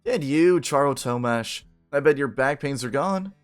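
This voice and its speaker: A man voicing a boisterous male mystic showman with a loud, theatrical, crowd-rousing delivery while reading game dialogue aloud. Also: mid-range voice, lively intonation, moderate pace, smooth, soft background music, natural voice. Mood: booming, grand.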